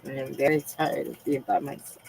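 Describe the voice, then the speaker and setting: A woman live streaming from home, talking in a soft, halting, confiding way with frequent pauses. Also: extremely low pitch, vocal fry, a little hiss or hum, low-quality recording. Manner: emotional and confiding. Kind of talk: casual live-stream chat.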